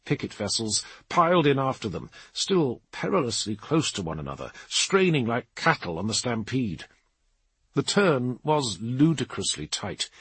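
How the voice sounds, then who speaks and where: A man narrating an action audiobook in a dramatic, lively reading. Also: medium pitch, husky, no echo. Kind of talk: scripted narration.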